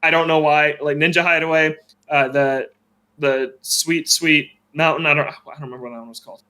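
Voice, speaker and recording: A man hosting a podcast, with quick wry remarks and a lively read of a news list. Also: on the high side. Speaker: podcast host. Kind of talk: casual podcast chat and news rundown.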